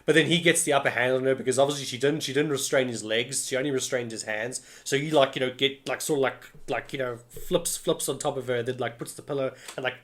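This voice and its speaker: A man's voice: mid-range voice, steady tone, fast, hardly any pauses, a bit bright. A man co-hosting a podcast, casually retelling film scenes with lots of fillers and little acted-out bits. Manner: rambling, many fillers, acts out scenes. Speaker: podcast co-host.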